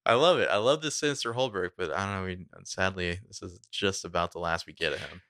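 Podcast co-host, male, very low gravelly voice, laid-back and chatty. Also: fast, fairly bright tone, no room sound, studio quality. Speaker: podcast co-host recapping a TV episode. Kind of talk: casual chat.

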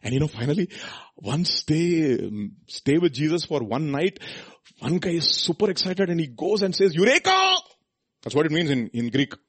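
Animated, husky preacher man. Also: moderate pace. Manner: animated, swinging from loud high emphasis to soft low asides, rhetorical questions. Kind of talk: sermon.

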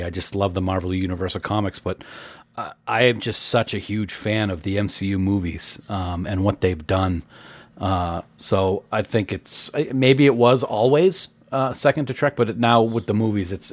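A man co-hosting a podcast, chatting loosely and drifting from one thought to the next. His voice sits a little low and carries a dry, self-mocking humor. The sound is close and dead, with no room around it. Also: normal speed, dry recording. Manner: rambling, self-deprecating, dry. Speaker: podcast co-host. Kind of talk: casual chat.

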